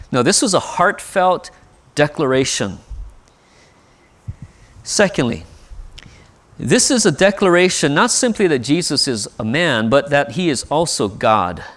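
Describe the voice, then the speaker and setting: A man's voice: a little high, fairly bright tone. A male pastor preaching a sermon in an earnest way, often asking "right?". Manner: earnest, with frequent rhetorical "right?".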